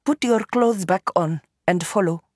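A woman's voice: mid-range voice, measured pace, a little mellow, slightly rough, dry recording, clean studio sound. A woman voicing a confident young woman with powers, speaking in an assured, commanding way in an audiobook.

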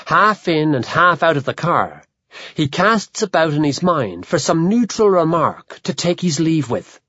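A narrator reading a novel aloud as an audiobook, telling it in a measured, expressive way. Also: medium pitch, dry recording, highs cut off.

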